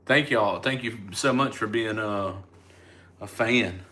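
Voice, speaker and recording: Laid-back Southern man, bright voice. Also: fairly low pitch, slow pace. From United States. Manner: laid-back, rambling, answers viewer comments. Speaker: comedian. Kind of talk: casual live chat with fans.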